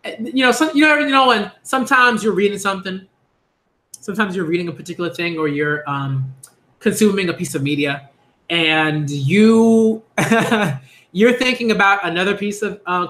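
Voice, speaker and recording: A man rambles through a casual reaction stream, circling back on himself with likes and you-know-what-I-means. His voice sits high and bright, edging on tense. The room around him rings with echo. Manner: rambling, repetitive fillers, bursts of high laughing excitement. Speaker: manga reaction youtuber.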